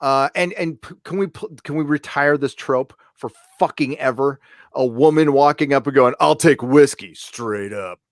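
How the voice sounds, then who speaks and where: A man's voice: on the high side, steady tone, moderate pace, dry recording, clean studio sound. A man co-hosting a casual live-stream chat, rambling with hesitations and blunt, profane opinions. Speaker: co-host.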